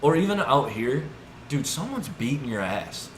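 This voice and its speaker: A man's voice: medium pitch, moderate pace. A young man in his twenties telling rambling stories in casual chat, full of "like" and "dude". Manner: rambling, lots of "like" and "dude", animated retelling. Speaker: podcast co-host. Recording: echoey room with background noise.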